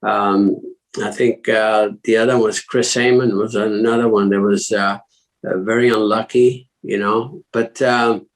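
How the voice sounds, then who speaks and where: A man's voice: on the low side, little pitch movement, a little slow, low-quality recording. An older man from Italy, a former racing driver as interview guest, telling stories in a rambling way with many fillers and restarts. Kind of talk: casual interview talk.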